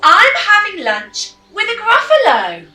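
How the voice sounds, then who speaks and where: A woman voicing a small, clever, cheerful mouse with bright, emphatic storybook delivery. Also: extremely high pitch, wildly swooping pitch, unhurried, faint music behind, voice pushed up, heavily acted. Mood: bold. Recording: roomy, slightly distant mic.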